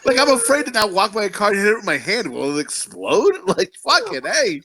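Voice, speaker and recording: A man riffs on a film with a podcast crew, swearing freely and laughing at his own jokes. His voice sits high and bright, swinging up and down with animated energy. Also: fairly quick. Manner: crude, profane and joking, laughing often. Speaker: podcast co-host. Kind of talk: casual movie review chat.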